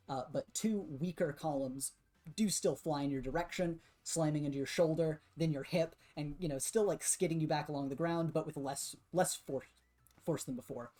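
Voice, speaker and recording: A man's voice: fairly high pitch, darkish tone. Casual male game master narrating. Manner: loose, filler-heavy narration with frequent restarts.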